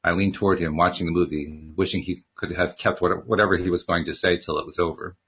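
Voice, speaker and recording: A man's voice: low-pitched, steady tone, quick pace, a bit bright, slightly rough. A man reading a novel aloud chapter by chapter, breaking off for chatty asides. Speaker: reader.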